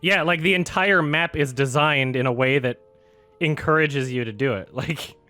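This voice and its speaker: A man ranting over his gameplay on a live stream, exasperated and sweary, breaking into laughter as he goes. His voice sits a bit high and comes across bright and sharp. The sound is dry, with no room around it. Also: normal speed, dry recording, soft background music. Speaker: game streamer. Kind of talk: ranting live-stream commentary while gaming.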